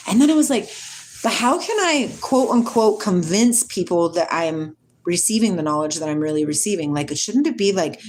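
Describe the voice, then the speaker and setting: A woman chats live with her viewers in a loose, giggly way, laughing often and wandering off on tangents. Her voice sits a little low for a woman. A faint hum runs under her voice. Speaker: livestream host reading viewer comments. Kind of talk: casual spiritual livestream chat with reading aloud.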